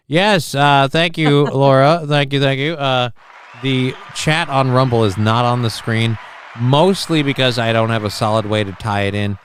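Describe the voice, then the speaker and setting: A man's voice: medium pitch, normal speed. A man hosting a casual livestream, riffing crudely and sarcastically and reading chat messages aloud. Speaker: show host.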